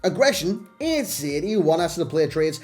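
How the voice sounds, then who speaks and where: A man's voice: on the high side, big pitch swings, moderate pace, soft background music. A young man hosting a gaming channel, talking through a player review in a chatty, self-deprecating way with plenty of restarts. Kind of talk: casual game review commentary.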